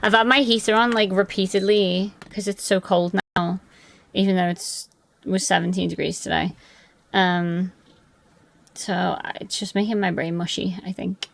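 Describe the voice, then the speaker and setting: Rambly young woman with a gravelly voice. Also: mid-range voice, fairly even intonation, normal speed, a bit bright, dry recording. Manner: chatty, rambling, answers chat by name. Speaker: live streamer. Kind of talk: casual live-stream chat. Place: her room at home.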